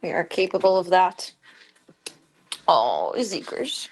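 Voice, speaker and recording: A woman's voice: mid-range voice, moderate pace. A woman streaming casual chat, narrating chores and talking baby-talk to her cats.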